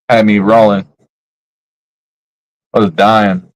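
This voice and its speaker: A man's voice: on the low side, expressive, measured pace, pauses often, rough recording. A man streaming live, ranting bluntly about other creators in casual, profane slang. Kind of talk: casual livestream rant.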